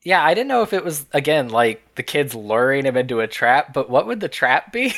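Podcast co-host, male, mid pitch, loose wry recap chat. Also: big pitch swings, brisk, a bit bright. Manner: laughing, wry, rambling. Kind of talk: casual movie recap chat.

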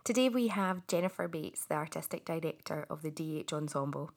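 Brief: female podcast host, relaxed friendly chat, a bit low in pitch. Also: fairly quick, vocal fry. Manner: friendly, chatty, laughs easily. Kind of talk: casual interview chat.

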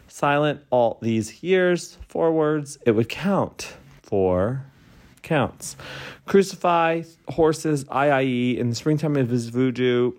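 A man's voice: mid-range voice, a little mellow. A tipsy man hosting a podcast, rambling through a casual late-night monologue and laughing often. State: tipsy from wine. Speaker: podcast host.

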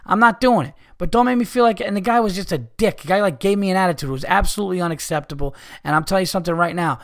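A man with a high voice hosts his podcast in a heated, profane rant. He talks with frustration and swears freely throughout. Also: very fast, fairly bright tone. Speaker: podcast host. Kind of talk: ranting podcast monologue.

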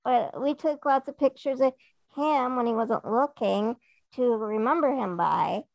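A woman's voice: on the high side, a little slow, creaky, no room sound, dull audio. A woman co-hosting a podcast in casual chat, telling rambling stories and acting out what others said. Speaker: podcast co-host.

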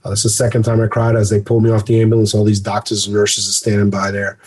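A former police officer recounting a rescue in halting, earnest personal testimony, pausing often mid-sentence. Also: male voice, fairly low pitch, completely flat delivery, darkish tone, breathy edge.

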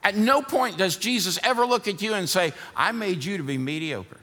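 A male pastor preaching a sermon in a church, building to fired-up shouting and easing into a softer prayer. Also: high voice, expressive, normal speed, big-room sound. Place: church sanctuary.

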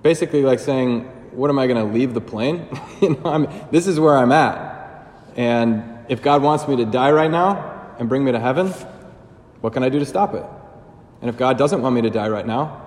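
A man's voice: mid-range voice, normal speed, darkish tone. Man preaching casually in a reverberant church. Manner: casual, conversational preaching with fillers and asides. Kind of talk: sermon.

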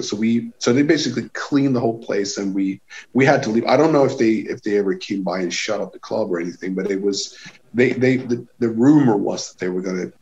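A man from Sweden telling a tour story in casual chat, animated and swearing, acting out what people said. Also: lowish voice, quick pace, dull audio. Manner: animated, swearing, acts out quotes with raised voice. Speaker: touring musician telling a story.

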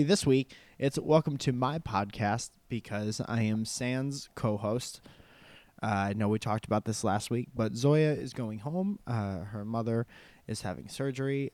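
A man's voice: mid-range voice, darkish tone, no echo. Man, podcast host, casual rambling chat, joking, dry close handheld recorder. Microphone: handheld portable recorder.

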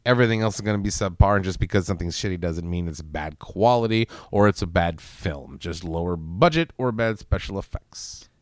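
Man, podcast co-host, animated storyteller, swears a lot, smooth clear voice. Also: low voice, brisk, hardly any pauses, no room sound, studio quality. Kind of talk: casual chat.

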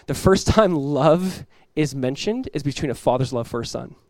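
Animated preaching man with a dry sound. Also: medium pitch, moderate pace, no echo. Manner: animated preaching, acts out quoted voices, laughs. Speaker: pastor. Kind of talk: sermon. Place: church.

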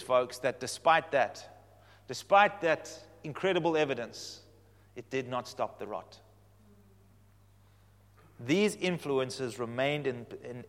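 A man preaching a sermon, animated and storytelling, swinging from loud to hushed. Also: medium pitch, big-room sound.

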